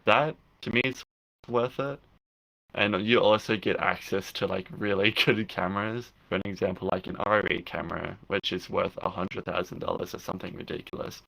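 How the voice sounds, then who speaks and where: A man's voice: low voice, steady tone, moderate pace, vocal fry, pushed and bright. A young adult man, a filmmaker and podcast guest, chatting casually and rambling with frequent restarts. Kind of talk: casual interview chat.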